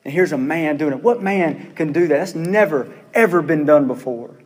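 A man's voice: a little high, normal speed, a little mellow, long reverb tail. A man preaching a sermon as pastor, earnest and full of rhetorical questions, repeating his phrases for emphasis.

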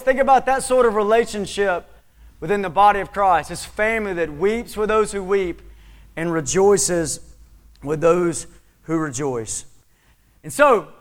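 A man preaching a sermon as pastor, asking the congregation questions and repeating phrases for emphasis. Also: very high voice.

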